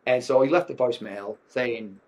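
English man, middle-aged, podcast guest; candid, hesitant delivery full of ums, mid-pitched. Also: moderate pace, darkish tone. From England. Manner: frank, with frequent ums and restarts. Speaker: podcast guest, performance coach. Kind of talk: candid personal storytelling.

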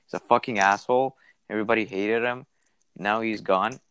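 A man's voice: fairly low pitch, fairly even intonation, a little fast, fairly bright tone, clean tone, no echo. Young man ranting casually. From Canada. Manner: ranting, swears, laughs between lines. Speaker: podcast co-host. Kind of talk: casual chat.

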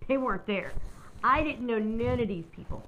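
A woman's voice: a little high, animated, moderate pace, a bit bright, muffled recording, a little hiss or hum. A woman hosting her own podcast, telling a personal story in a candid, rambling way and swearing freely. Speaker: podcast host.

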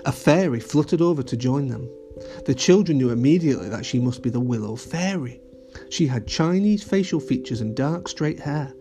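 A man gently narrating a children's audio story. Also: mid-range voice, expressive, normal speed, music in the background.

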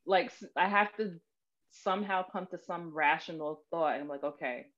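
A woman's voice: on the low side, normal speed, a bit bright. A woman in casual chat, talking in a reflective way and laughing easily. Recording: dull, lo-fi sound.

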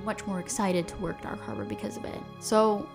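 Young female guest, mid pitch, casual and giggly. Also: steady tone, fairly quick, creaky, music in the background. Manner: laughing, chatty, fillers. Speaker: podcast guest. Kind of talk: casual interview chat.

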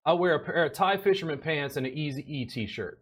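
A man's voice: a little high, a little fast, husky. A man from Louisiana with no regional accent, telling stories animatedly in a casual conversation and laughing often.

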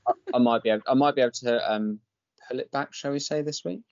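A man's voice: medium pitch, quick pace, a little mellow. A young man with a posh English accent chatting hesitantly, with many ums. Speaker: podcast guest. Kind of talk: casual chat. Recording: dull lo-fi sound.

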